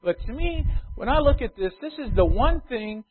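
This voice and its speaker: Man preaching sermon, high-pitched voice, slow loud scripture reading, tinny narrow sound. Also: animated. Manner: reads scripture slowly and loudly, explains casually.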